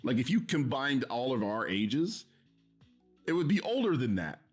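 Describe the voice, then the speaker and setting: A man's voice: mid-range voice, sing-song, measured pace, breathy edge, soft background music. A man streaming, reacting to a video in heated casual commentary, swearing and mocking with an exasperated tone. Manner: profane, exasperated, mocking laughs.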